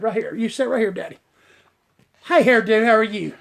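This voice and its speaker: A man's voice: animated, brisk, gravelly. A middle-aged man who works as a hairstylist, chatting casually and folksily with viewers on a live stream and calling them y'all. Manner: breaks off to coax his dog in a high sing-song. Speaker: hairstylist hosting a live show.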